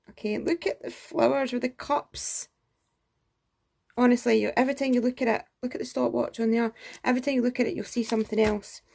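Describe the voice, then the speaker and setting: A woman's voice: on the high side, vocal fry, a little mellow. A woman in a casual show-and-tell craft review, gushing and enthusiastic, full of exclamations. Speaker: craft vlogger.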